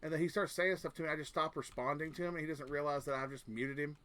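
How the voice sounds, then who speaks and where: A man's voice: fairly high pitch, steady tone, quick pace, fairly bright tone. A man streaming a game, chatting casually in a rambling, joking and crude way. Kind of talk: casual gaming chat.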